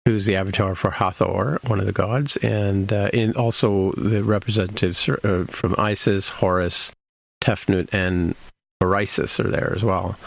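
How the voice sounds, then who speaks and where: A man's voice: low-pitched, fairly even intonation, moderate pace, vocal fry, dry recording. A man in casual chat, rambling through a recap with many restarts and fillers. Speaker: podcast co-host recapping a TV episode.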